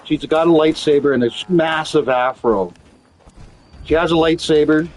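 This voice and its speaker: A man's voice: fairly high pitch, moderate pace, low-quality recording. A man chatting casually while gaming, telling rambling, profane stories full of restarts. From Canada. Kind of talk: casual chat.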